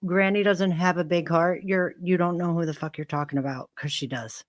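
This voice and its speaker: A woman reacts on a live stream, indignant and swearing freely as she argues her point. Her voice is somewhat low and sounds dry and close. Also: fairly even intonation, brisk, no echo. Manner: profane, indignant. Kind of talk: heated reaction chat.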